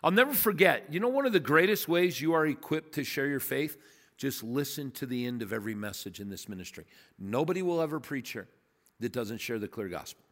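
A man's voice: medium pitch, expressive, brisk, fairly bright tone, long reverb tail. A man preaching a sermon as pastor, emphatic and conversational, telling stories to his congregation. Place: church sanctuary.

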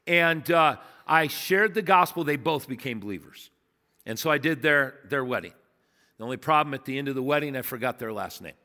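A man's voice: medium pitch, animated, fairly quick, bright, forceful tone, long reverb tail. A man preaching a sermon as pastor, emphatic and conversational, telling stories to his congregation. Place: church sanctuary.

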